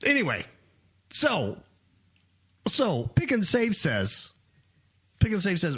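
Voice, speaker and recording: A man's voice: high-pitched, huge pitch swings, slow, pauses often, fairly bright tone, breathy edge. A man co-hosting a talk radio show, ranting animatedly with frequent laughs. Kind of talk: opinionated talk radio chat.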